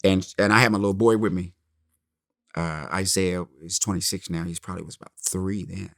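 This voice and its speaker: A middle-aged man, a comedian guest in an interview, telling his story in a lively way and acting out the people he quotes. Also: low voice, brisk, no echo, clean studio sound. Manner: animated storyteller, acts out quotes.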